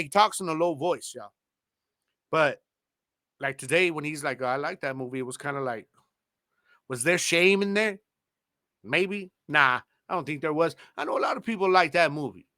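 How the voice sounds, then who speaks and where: A man in his thirties hosts a podcast, trading relaxed, slang-heavy banter and laughing a lot. His voice is high, bright and forceful. The recording is dry and studio-clean.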